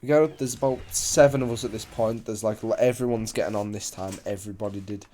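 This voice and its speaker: A man's voice: fairly low pitch, fairly even intonation, fast talker, warm tone. A young man casually telling a story, rambling, swearing a lot and losing his place.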